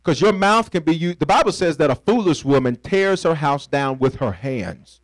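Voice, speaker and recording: A pastor with a slightly high, animated voice preaches at a moderate pace, turning the sermon into playful back-and-forth by having listeners fill in words. He also acts out little scenes. The recording has no room sound and is low in quality.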